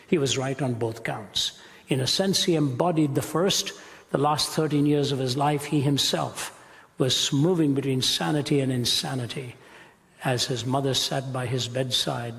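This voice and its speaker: A man preaching a sermon with a dramatic, emphatic delivery and slow stressed phrases. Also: fairly high pitch. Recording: long hall reverb.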